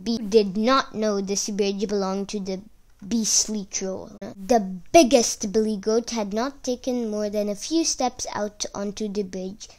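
A woman reading a children's fairy tale aloud in an expressive storytelling manner. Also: medium pitch, unhurried.

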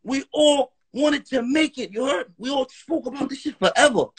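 A man's voice: very high voice, normal speed, slightly rough. A man talking as a guest on a live stream in a heated, profane rant, often checking "you heard?". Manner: profane, animated, keeps asking "you heard?".

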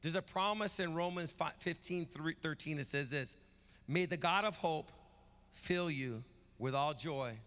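High, bright-voiced man preaching in a hall. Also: a little slow, clean tone. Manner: rhythmic preaching with rising emphatic build-ups. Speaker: pastor. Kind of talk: sermon. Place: church sanctuary. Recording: reverberant church hall.

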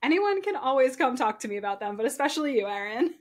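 Bubbly, high-voiced woman guest. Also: sing-song, quick pace. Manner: bubbly and giggly. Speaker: podcast guest. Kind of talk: casual book chat. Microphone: remote recording software.

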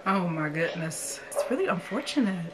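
A young woman reacting to a horror movie, animated, swearing and talking back at the screen. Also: on the low side, normal speed, over loud music. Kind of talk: casual movie reaction commentary.

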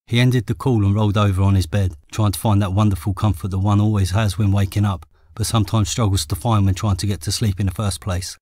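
A man with an English accent reading his own memoir as an audiobook in a steady, measured way. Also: fairly low pitch, dry recording, studio quality. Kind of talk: audiobook narration.

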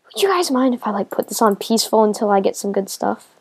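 A woman giving casual commentary as she plays a video game, talking to herself and getting excited as she goes. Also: medium pitch, fast, slightly rough. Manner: excitable, talks to herself while playing. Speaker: gamer.

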